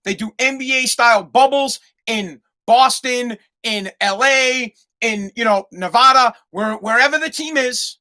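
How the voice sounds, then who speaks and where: A man's voice: very high voice, unhurried, hardly any pauses, bright, forceful tone. A man hosting a solo podcast, ranting heatedly and swearing constantly. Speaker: podcast host. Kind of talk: profane solo podcast rant.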